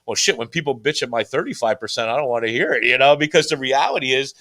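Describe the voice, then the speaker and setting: Guest spot: male auctioneer, bright tone, rambling casual talk, lots of restarts. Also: medium pitch, animated, fast talker. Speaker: auction house owner, guest. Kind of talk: casual chat on a live stream.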